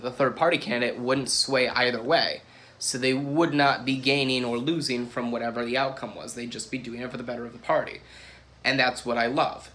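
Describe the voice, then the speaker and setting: A young man with a bright, forceful voice talks through his opinions on a solo podcast. He rambles and restarts his sentences, and drops in casual swearing. His pitch sits in an ordinary middle range. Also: slight background noise. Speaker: podcast host.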